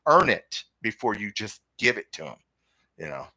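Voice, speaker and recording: Opinionated man with a bright, forceful voice. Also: fairly low pitch, very animated, normal speed, dry recording, studio quality. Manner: opinionated, rambling, reads chat comments aloud. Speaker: podcast host. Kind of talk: casual live-stream sports talk.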